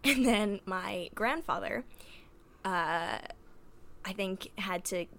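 A woman's voice: medium pitch, takes it slowly, a bit bright. A young woman hosting a podcast, casually telling family stories with lots of giggles and filler words. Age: young adult. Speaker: podcast host. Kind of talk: casual storytelling.

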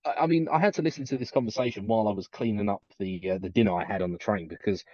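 Young man, low voice, dull lo-fi sound, casual podcast chat, animated storytelling. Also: racing, no room sound. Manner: animated storyteller, mimics characters with sudden high pitch jumps. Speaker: podcast co-host.

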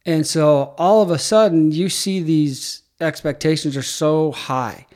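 Higher-voiced middle-aged man telling stories. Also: a little slow. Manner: animated storyteller, acts out quoted dialogue. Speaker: head athletic trainer, podcast guest. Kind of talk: casual interview chat.

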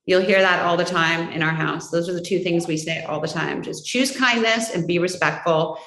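Heartfelt woman guest in a roomy space. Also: fairly low pitch. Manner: warm, heartfelt, quickly emotional. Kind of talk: casual interview answers.

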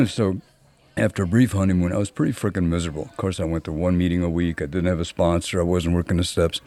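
Deep-voiced older man, long-winded storyteller. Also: fairly even intonation, quick pace, a little mellow, no room sound. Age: 70s. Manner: long-winded storyteller with dry self-deprecating humor. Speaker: podcast guest. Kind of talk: casual conversation.

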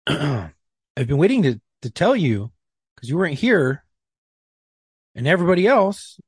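Husky man telling blunt, profane stories. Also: mid-range voice, no room sound, studio quality. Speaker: podcast co-host. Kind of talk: casual storytelling chat.

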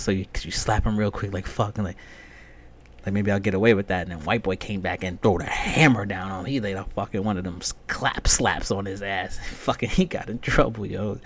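A man hosting a casual solo podcast rant, loose, profane and rambling. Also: fairly low pitch. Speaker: podcast host.

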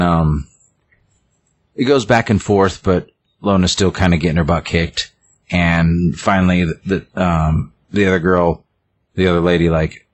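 A man with a very low voice retells a film scene by scene in a loose, casual way. He rambles, restarting phrases and leaning on fillers as he goes. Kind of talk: casual chat.

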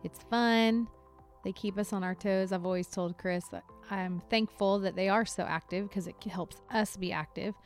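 A woman's voice: medium pitch, fairly even intonation, normal speed, faint music behind. A woman co-hosting a family podcast with her husband, chatting easily, laughing often and chiming in on his stories. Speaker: podcast co-host. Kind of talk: casual chat.

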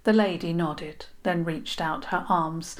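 Slow gentle woman storyteller. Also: on the low side, fairly even intonation. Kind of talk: children's story narration.

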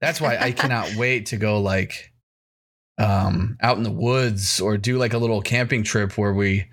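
A man's voice: fairly low pitch, fairly even intonation, measured pace, fairly bright tone. A man co-hosting a podcast, talking loosely and enthusiastically, with lots of "you know" and "like". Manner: laid-back and enthusiastic, loose filler words. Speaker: podcast co-host. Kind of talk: casual podcast chat.

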